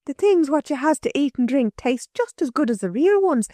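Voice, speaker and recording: A woman's voice: sits high, animated, moderate pace, warm tone, no echo, clean studio sound, pitched above the performer's own voice. A woman voicing a coy, forthright cook turned island queen, with chatty, ungrammatical homely talk.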